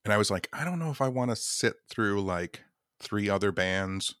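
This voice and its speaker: Low-voiced easygoing man, dry sound. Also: moderate pace, no echo. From Michigan. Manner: relaxed, easygoing, keeps his voice low in the chest. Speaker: guest. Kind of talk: casual chat.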